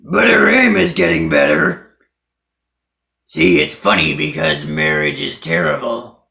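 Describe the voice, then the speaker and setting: A man voicing a cranky sinister old man, deep, gravelly and deadpan. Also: measured pace, heavily acted. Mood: sardonic. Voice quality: gravelly, low and raspy. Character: sinister cranky old man, dark emperor crossed with a con-man uncle. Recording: roomy echo.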